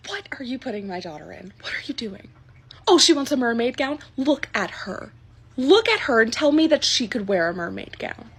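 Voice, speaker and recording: A woman's voice: high voice, big pitch swings, normal speed, slightly rough, full character voice. A young woman playing an entitled, demanding middle-aged woman customer who talks indignantly and stumbles over restarts.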